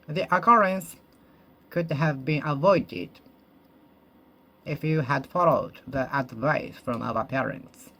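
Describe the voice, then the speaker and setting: A native Japanese speaker practicing English alone, slowly repeating and rephrasing each sentence and correcting themselves as they go. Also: mid-range voice, a bit bright. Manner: slow, careful, deliberate. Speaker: English learner. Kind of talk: solo speaking practice monologue.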